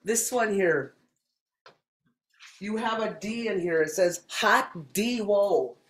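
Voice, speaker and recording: A woman teaching a language class, saying each word several times slowly and clearly for learners. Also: medium pitch. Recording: echoey classroom.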